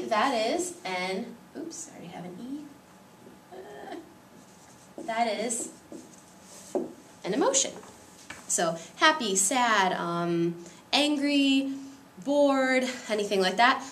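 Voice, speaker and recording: A woman's voice: a little high, lively intonation, unhurried, a bit bright, slight background noise. Female teacher, patient and methodical, recorded at a distance in a reverberant room. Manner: patient, explains step by step. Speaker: Spanish teacher. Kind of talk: classroom grammar lesson.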